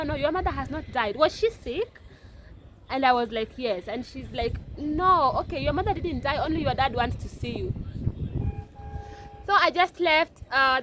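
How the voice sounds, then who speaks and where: A woman's voice: high voice, a bit bright. A young Kenyan woman telling an emotional personal story, often repeating her words. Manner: emotional, repetitive, circling back. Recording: noisy background with passing vehicles.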